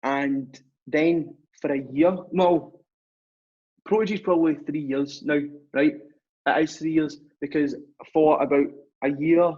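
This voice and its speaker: A man's voice: a little high, a little mellow, husky. Chatty young man, muffled recording. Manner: chatty, rambling, acts out dialogue. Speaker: podcast guest. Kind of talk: casual storytelling.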